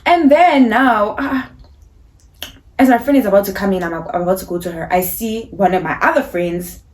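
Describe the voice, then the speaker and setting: Young woman, South African accent, casual storytime, animated, slangy, mid-pitched. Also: moderate pace. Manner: animated, acts out dialogue, slangy. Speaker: YouTuber.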